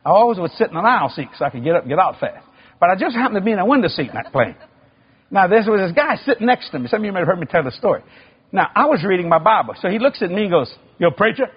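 A preacher man tells his story in a high, lively voice that leaps around in pitch and rises to shouts. His tone is husky. The recording sounds dull and muffled. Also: very fast. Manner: animated, acts out sounds and voices, builds to shouting. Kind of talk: sermon storytelling.

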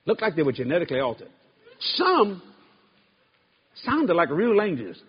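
A man's voice: sits high, wildly swooping pitch, moderate pace, husky. A man telling comic church stories to a live crowd, laughing through his words in dialect. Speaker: preacher telling a story. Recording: live, dull sound, loud crowd and noise.

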